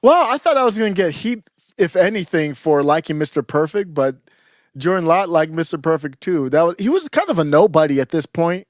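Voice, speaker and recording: A man's voice: a little high, very animated, fairly quick, dry recording. Nostalgic man chatting, dry sound. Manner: rambling, nostalgic, trails off and restarts. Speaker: podcast co-host. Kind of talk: casual chat.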